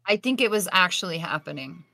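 A woman's voice: on the low side, expressive, a little fast, gravelly, bright, forceful tone, dry recording. A woman podcast guest telling a story in a casual, vivid way, swearing freely.

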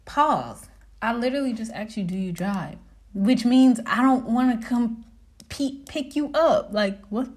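A young woman hosting her podcast, telling a story in casual chat, animated, laughing often and swearing freely. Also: a little high, unhurried. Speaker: podcast host.

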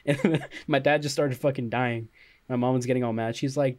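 Young male podcast co-host, casual rambling storyteller, mid-pitched. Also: fairly even intonation, moderate pace, a little mellow. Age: young adult. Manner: laid-back storytelling, frequent fillers and laughs. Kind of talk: casual chat.

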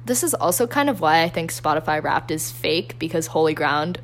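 A chatty young woman talks on her own podcast with a slightly low voice, rambling through fillers and poking fun at herself. A faint hum sits beneath the recording. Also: animated, normal speed. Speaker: podcast host. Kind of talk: casual solo podcast chat.

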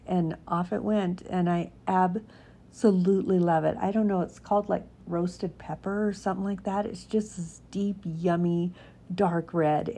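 A middle-aged woman in casual devotional chat who reads her own short piece in a soft, unhurried, gentle way. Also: on the low side, creaky. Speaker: Christian writer. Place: home cabin indoors.

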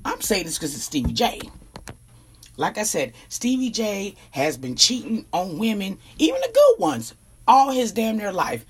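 Blunt woman ranting with husky voice. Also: medium pitch, sing-song, a little slow. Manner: blunt, profane, emphatic. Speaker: vlogger giving opinions. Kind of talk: casual commentary rant.

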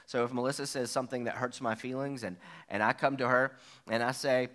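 Bright-voiced man preaching casually. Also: mid-range voice, fairly even intonation, fairly quick. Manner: conversational preaching with frequent "okay?" and "all right?". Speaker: pastor. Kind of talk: sermon.

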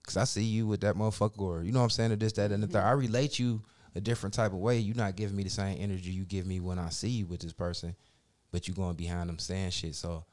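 A man's voice: low-pitched, fast. A man in casual chat, telling a story with a lot of swearing and acting out other people's lines. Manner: profane, animated storyteller acting out quotes.

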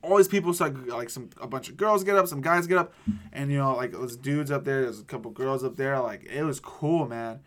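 This young man hosts a podcast, speaking briskly in a mid-range, fairly bright voice. Telling a story casually, he rambles, leans heavily on "like" and "dude," and acts out people's quotes.

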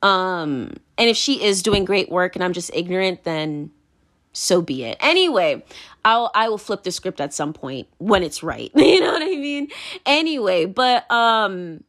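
A woman's voice: mid-range voice, lively intonation, unhurried, fairly bright tone. A woman vlogging her opinions in a rambling, heated, profane rant full of fillers.

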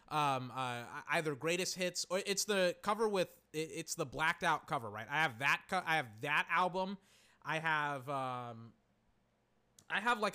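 A man chatting casually and excitably, rambling, swearing and exclaiming, his voice cracking. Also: on the high side. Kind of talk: casual chat.

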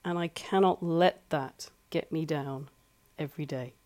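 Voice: mid-range voice, unhurried, darkish tone. A life coach giving earnest, conversational advice from home, repeating points for emphasis. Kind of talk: solo advice talk. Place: home flat.

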